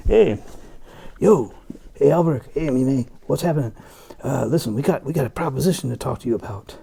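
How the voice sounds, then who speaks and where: A loud, scheming god king who talks like a slangy dude, as a man puts him on for a homemade puppet opera. The voice sits a little higher than a man's everyday pitch, gravelly and full of lively swoops. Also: fairly quick.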